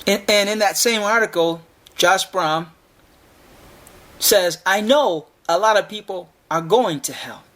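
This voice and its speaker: A man's voice: high voice, a little slow, bright, forceful tone. A man hosting a solo podcast, arguing emphatically, repeating himself and firing rhetorical questions, stumbling over repeated words. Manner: repetitive, challenging with rhetorical questions. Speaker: podcast host. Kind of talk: argumentative solo podcast monologue.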